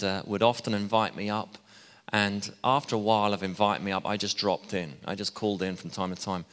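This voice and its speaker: Male preacher, conversational sermon delivery, slightly low voice, long hall reverb. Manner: chatty, warm asides, laughs at himself.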